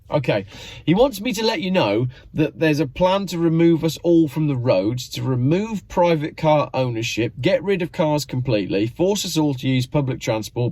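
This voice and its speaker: Sardonic man with a lively, swooping voice. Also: fairly high pitch, no echo. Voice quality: sardonic, mock-exasperated. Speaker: channel host. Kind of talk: sarcastic commentary vlog.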